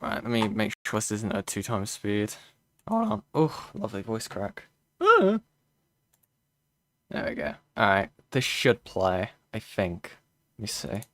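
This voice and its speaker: A man's voice: fairly low pitch, wildly swooping pitch, a little slow, pushed and bright, no room sound, faint music behind. Profane, chatty male streamer. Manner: profane, laughing, chatty asides to chat. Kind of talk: casual live-stream commentary.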